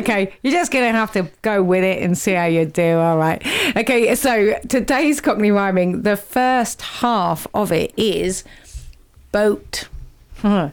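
A woman's voice: on the low side, creaky, clean tone. A woman hosting a chatty, playful slang lesson for a group, laughing often as she teases and encourages them. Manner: laughs a lot, teasing and upbeat. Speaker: host teaching slang to a group.

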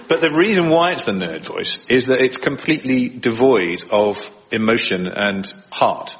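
A man's voice: medium pitch, animated, moderate pace, hardly any pauses, dull audio. A man, an impressionist, chatting in a radio studio interview, laughing often as he talks. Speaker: impressionist guest. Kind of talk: conversational interview.

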